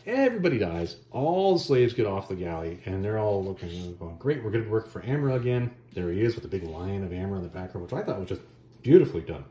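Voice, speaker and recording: A man casually retelling a comic story as a reviewer, animated and slangy, with offhand asides. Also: low-pitched, quick pace, roomy sound, lo-fi sound.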